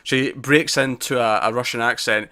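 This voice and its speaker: A man's voice: medium pitch, fairly even intonation, normal speed, pushed and bright, clear, resonant tone. A man co-hosting a casual TV review podcast, rambling with restarts as he retells scenes. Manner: rambling, with frequent restarts and quoted lines. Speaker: podcast co-host.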